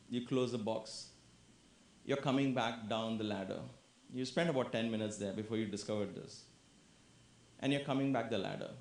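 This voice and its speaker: Guy giving a yoga talk, storytelling, acts out voices, big echoey hall. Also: medium pitch. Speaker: yoga lecturer. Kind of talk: public lecture with acted anecdotes. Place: lecture hall.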